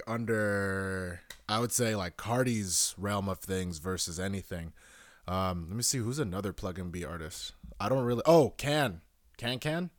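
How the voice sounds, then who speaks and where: Low-voiced man rambling casually, dry sound. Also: no room sound. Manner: rambling, profane, self-correcting. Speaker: podcast host. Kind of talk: casual solo podcast talk.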